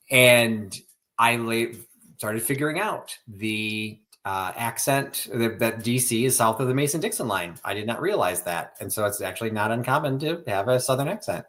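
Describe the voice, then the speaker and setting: A man's voice: medium pitch, lively intonation, normal speed, a bit bright. A man co-hosting a live sale stream, chatting casually and telling stories that trail off mid-sentence. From US Midwest. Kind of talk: casual chat.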